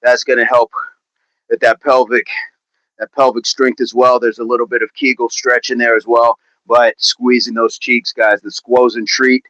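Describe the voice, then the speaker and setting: A man's voice: mid-range voice, level tone, moderate pace, pushed and bright. A chatty man hosts a daily fitness livestream, reading viewer comments aloud as he stretches. His voice sits in an ordinary middle range. The sound is dull and lo-fi, with no room echo. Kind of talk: casual livestream chat while stretching.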